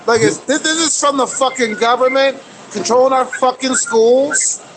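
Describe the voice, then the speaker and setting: A man's voice: very high-pitched, moderate pace, background noise. Profane, fired-up man on a call. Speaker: panel guest. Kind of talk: casual livestream panel chat.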